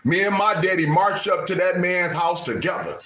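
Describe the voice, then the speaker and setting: A man's voice: high-pitched, animated, moderate pace, pushed and bright, echoey room, a little hiss or hum, rough recording. Older man preaching on a live stream. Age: 50s. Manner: preachy, repeats lines for emphasis, Southern American Black vernacular. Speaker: livestream host. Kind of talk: casual live commentary.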